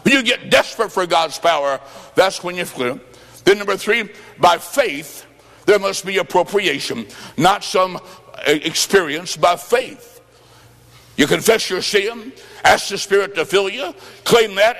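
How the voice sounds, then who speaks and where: A man preaching at a revival, telling a story and acting out voices, with bursts of shouting. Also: high-pitched, expressive, a little slow, long reverb tail. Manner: dramatic, acts out quotes, shouts praise. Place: church revival service.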